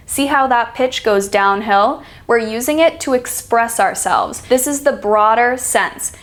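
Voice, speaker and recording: A woman teaching an accent reduction lesson, speaking clearly and deliberately and demonstrating example sentences. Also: fairly high pitch. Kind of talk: scripted instructional lesson.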